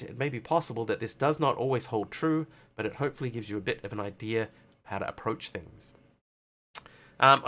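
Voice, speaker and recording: A bright, forceful male voice on a casual game livestream. He swings between relaxed chatter and hammy readings of in-game story text. His tone leaps up for excited asides. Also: mid-range voice. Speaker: streamer.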